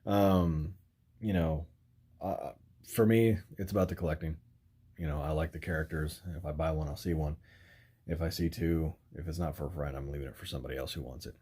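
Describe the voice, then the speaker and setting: A very deep, dark voice with a breathy edge and fairly even intonation moves at a fairly quick pace. The man casually reviews action figures for his channel, rambling with many fillers and frequent "you know," chuckling now and then while handling them.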